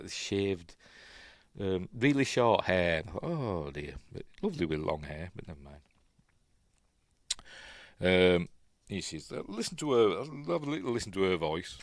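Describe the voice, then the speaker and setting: With a low, sing-song voice at a moderate pace, a Yorkshire-accented film review host rambles through a film as it plays, full of ums and false starts. He voices the characters' lines as quotes, and there is no room sound at all.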